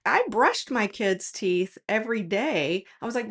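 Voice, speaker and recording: A woman's voice: mid-range voice, expressive, moderate pace, a bit bright. A woman who runs a tutoring business, telling a personal story in a casual, frank and reflective way, straight to her viewers.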